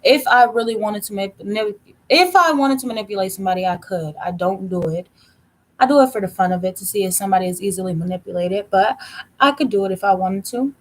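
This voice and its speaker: A woman tarot reader chatting casually on a livestream, telling a story in a blunt, profane rant and slowing down to stress her points. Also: mid-range voice.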